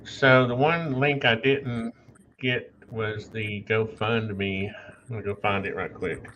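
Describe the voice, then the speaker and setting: A man's voice: lowish voice, steady tone, slow, background noise. A man hosting a live stream, chatting in an easygoing, helpful way with a guest over a call. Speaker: host on a call. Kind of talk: casual chat.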